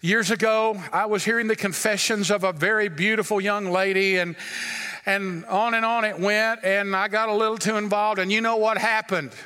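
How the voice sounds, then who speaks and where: A man voicing a sly, scheming male priest in a lowered, hushed and confiding voice. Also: fairly even intonation, moderate pace, clear, resonant tone, long reverb tail. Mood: sheepish.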